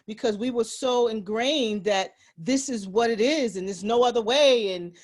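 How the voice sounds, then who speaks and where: A woman co-hosting a podcast, speaking in a thoughtful, measured, reflective way. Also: fairly high pitch. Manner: thoughtful, measured, with steady listening murmurs. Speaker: podcast co-host. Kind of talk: reflective casual chat.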